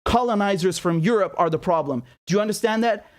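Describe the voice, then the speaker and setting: High-voiced man, angry commentary. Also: fast. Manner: indignant, fires rhetorical questions. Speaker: political commentator. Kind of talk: impassioned political commentary.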